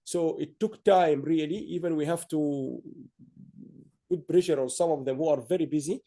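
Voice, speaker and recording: A man with a high-pitched yet mellow voice hosts an online awards ceremony. He rambles warmly through his remarks, full of fillers and restarts. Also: normal speed.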